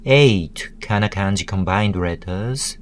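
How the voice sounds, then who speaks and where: A man giving a scripted tutorial narration, deliberately sounding out words one syllable at a time. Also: deep voice, a little hiss or hum.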